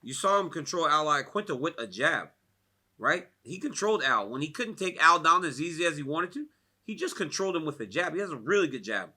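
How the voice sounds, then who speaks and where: At a fight media day, an American man tells stories casually, laughing often and saying "like" a lot. His voice is a little high and fairly quick, with a breathy edge.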